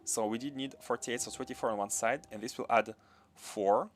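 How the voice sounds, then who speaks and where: Russian accent guy with a bit of french in it, mid pitch, mumbling through a game build and chatting with his stream. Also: steady tone, normal speed, faint music behind. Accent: Russian with some French. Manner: muttering to himself, reads chat aloud. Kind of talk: casual livestream commentary while building.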